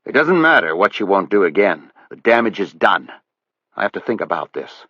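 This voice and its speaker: A man's voice: lowish voice, sing-song, normal speed, dry recording, muffled recording. A male narrator playing a retired investigator who speaks bluntly and angrily to a partner who betrayed him. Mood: angry. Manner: blunt, cold, angry.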